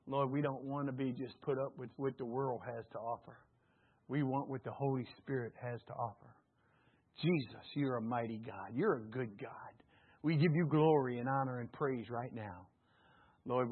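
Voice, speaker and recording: A man preaching a sermon as pastor, animated, acting out little asides and laughing often. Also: mid-range voice, moderate pace, breathy edge. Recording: tinny phone-like band.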